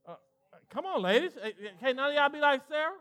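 A male pastor with a Southern US accent, preaching an animated sermon and acting out voices in call-and-response style. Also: very high-pitched, fast talker. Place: church sanctuary with congregation.

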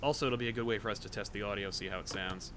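A man's voice: on the low side, fairly even intonation, very fast, a bit bright. A man hosting a podcast, chatting casually about comics with lots of fillers and stories. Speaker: podcast host. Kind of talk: casual chat.

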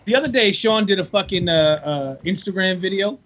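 A man's voice: sits high, animated, a little fast, dull audio, crowd noise. A man co-hosting a podcast, bantering crudely and joking with friends. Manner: crude, joking, does silly voices. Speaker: podcast co-host. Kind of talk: casual banter.

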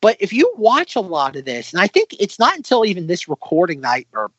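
Rambling male podcast co-host, animated pitch. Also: quick pace, dry recording. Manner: rambling, lots of fillers and restarts. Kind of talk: casual chat. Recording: slightly dull, lo-fi recording.

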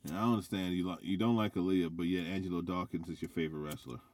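A man's voice: sits low, fairly even intonation, darkish tone. A man co-hosting a casual wrestling podcast, playful and teasing. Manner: playful, teasing, quick to laugh. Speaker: podcast co-host.

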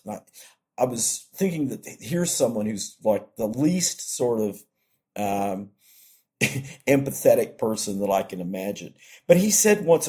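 A man's voice: on the low side, dark tone, husky. A man co-hosting a podcast, speaking thoughtfully and hesitantly, often restarting his phrases. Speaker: podcast co-host. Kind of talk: reflective casual talk.

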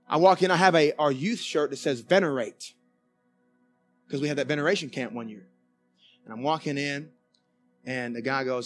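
A male pastor preaching a conversational sermon in a church, folksy and animated, with many restarts. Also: a little high, moderate pace, long pauses, soft background music. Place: church sanctuary.

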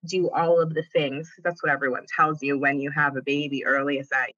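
A woman guest with a bright, forceful voice tells her story with dramatic flair. The sound is dry and close, but a little dull and lo-fi. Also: deep voice, level tone, fairly quick, dry recording. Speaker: podcast guest. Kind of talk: casual faith conversation.

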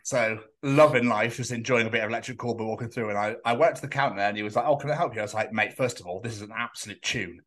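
Sweary man telling animated stories. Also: on the low side, quick pace, few pauses. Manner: sweary animated storytelling, acting out others' lines. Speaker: podcast co-host. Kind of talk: casual chat.

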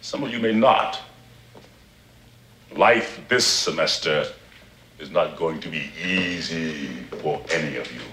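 An actor playing a stern older male professor who speaks slowly and gravely to his students. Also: a bass voice, bright, forceful tone, slight background noise, heavily acted. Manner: slow, grave, commanding. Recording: roomy film audio with faint ambience.

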